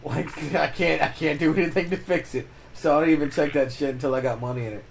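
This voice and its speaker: A man's voice: fairly high pitch, steady tone, fast talker, creaky, slight background noise. Laid-back, swearing male game streamer. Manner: profane, laughing, loose storytelling. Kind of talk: casual chat while gaming.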